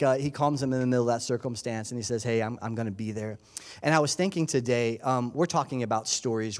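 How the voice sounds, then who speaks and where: A man preaching in a relaxed, conversational way, then interviewing a guest on stage, often acting out voices from the stories. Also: mid-range voice. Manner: animated, conversational, acts out characters with bursts of loudness. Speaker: pastor. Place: church stage.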